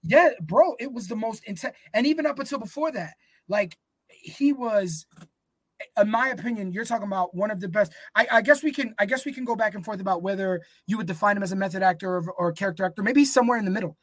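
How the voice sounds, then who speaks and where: A man's voice: sits high, fast talker, fairly bright tone, no echo. A man co-hosting a podcast in casual, profane chat, rambling and searching for words as he talks. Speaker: podcast co-host.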